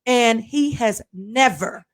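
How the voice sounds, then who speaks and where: A woman's voice: fairly high pitch, slow pace. A middle-aged woman co-hosting a radio podcast, telling a story in casual chat and acting out the voices of the people in it. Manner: animated, acts out voices in her stories.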